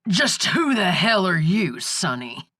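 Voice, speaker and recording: A woman's voice: fairly low pitch, sing-song, slow pace, fairly bright tone, slightly rough, dry recording, studio quality, heavily acted. A woman voicing an angry, bullying male sheriff in an audiobook, barking orders and swearing. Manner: blustering, profane, barking orders. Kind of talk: audiobook character voice.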